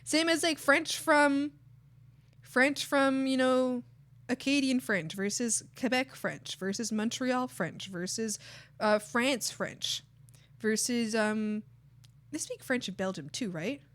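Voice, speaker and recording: A woman streamer in casual livestream chat, rambling and thinking aloud to her chat, swearing freely and breaking into excited exclamations. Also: fairly high pitch, a little slow, dry recording. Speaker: art streamer.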